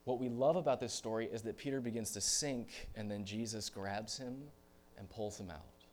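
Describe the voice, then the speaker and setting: A young male pastor with a low-pitched voice delivers a storytelling sermon in a church. He moves from quiet, confessional passages into loud, animated retellings. A faint hum sits underneath the recording. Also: normal speed. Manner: storytelling, swings from hushed to loud animated bursts.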